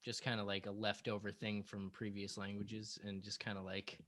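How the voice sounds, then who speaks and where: A comedian from the Boston area chatting casually as a podcast guest, joking around. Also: male voice, fairly low pitch, level tone, normal speed, fairly bright tone. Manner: jokey, slips into silly put-on voices. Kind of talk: casual chat.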